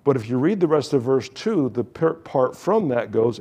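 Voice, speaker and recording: A man's voice: medium pitch, sing-song, normal speed, warm tone. Man preaching with joking asides. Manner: joking asides, dramatic retelling. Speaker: pastor. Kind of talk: sermon.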